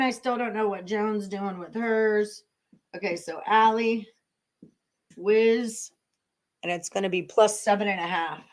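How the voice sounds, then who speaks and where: Woman, somewhat high voice, sports betting host, casual live stream, thinks aloud, talks to viewers. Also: a little mellow.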